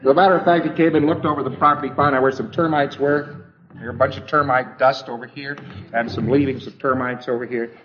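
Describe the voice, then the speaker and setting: A man's voice: mid-range voice, fairly even intonation, quick pace, slight background noise. A man giving an informal lecture in a wry, conversational way, often repeating phrases as he thinks aloud. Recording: dull lo-fi recording.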